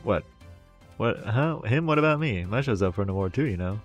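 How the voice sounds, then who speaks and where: A man's voice: fairly low pitch, lively intonation, fairly quick, soft background music, lightly acted. A man voicing a sulky, sarcastic young actress in a video game, in a voice close to his own.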